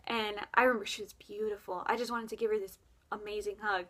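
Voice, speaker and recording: A woman's voice: mid-range voice, flat delivery, quick pace, a bit bright. A young adult woman telling a spooky dream story in a rambling, casual way, with lots of fillers and self-corrections.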